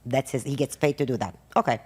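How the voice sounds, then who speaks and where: A woman's voice: very deep voice, fast talker, a little mellow, breathy edge. A middle-aged woman, a mother and podcast guest, giving her opinions emphatically in casual conversation.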